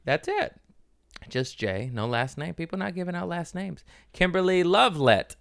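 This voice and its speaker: Comedy podcast host, a man with an animated delivery in a dry room. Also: high voice, moderate pace, vocal fry, clean tone, no echo. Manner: joking, rambling, throws in silly voices. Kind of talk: casual comedic chat.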